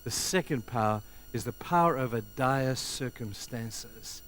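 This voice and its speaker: A man's voice: mid-range voice, measured pace, few pauses, a bit bright. A man who is a pastor, preaching a passionate sermon to a congregation in a church and acting out the voices he quotes. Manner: impassioned, acts out quoted voices. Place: church hall before a congregation.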